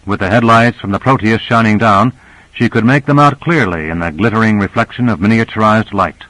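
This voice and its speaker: A man narrating a novel in a steady, expressive reading voice. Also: lowish voice, brisk, dry recording, low-quality recording. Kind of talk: audiobook narration.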